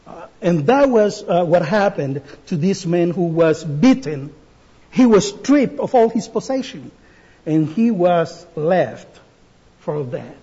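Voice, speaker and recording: Guy giving a sermon, high-pitched, slow and careful. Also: lively intonation, warm tone, slightly rough, lo-fi sound. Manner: slow, deliberate delivery with pauses and restarts. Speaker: preacher.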